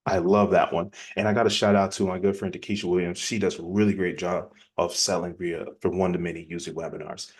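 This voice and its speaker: Man, business coach, casual teaching talk, energetic, conversational, lowish voice. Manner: energetic, acts out quick example dialogues; conversational, plainspoken.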